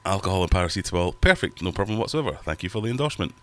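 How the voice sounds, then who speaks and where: A middle-aged man with a very low voice hosts a livestream from his fish room at home. He reads out viewer comments and rambles on in a chatty, self-mocking way. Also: sing-song, rapid-fire, fairly bright tone. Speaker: livestream host. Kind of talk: casual livestream chat reading viewer comments.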